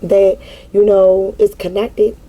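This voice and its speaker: A woman's voice: mid-range voice, little pitch movement, slow pace, warm tone, low-quality recording. A woman in casual spiritual reflection, talking with a repetitive, emphatic, preacher-like cadence. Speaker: mother speaking to an online audience.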